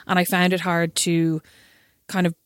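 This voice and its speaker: An Irish woman co-hosting a podcast, chatting casually with lots of "like" and "you know what I mean", in a low voice. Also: monotone, a little slow, no echo, clean studio sound. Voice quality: low-pitched speaking voice. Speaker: podcast co-host. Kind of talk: casual chat.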